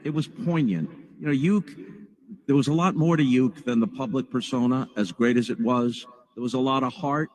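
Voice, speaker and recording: A man quietly remembering a departed broadcaster in a heartfelt, reflective way. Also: mid-range voice, moderate pace, poor audio. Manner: soft-spoken, heartfelt.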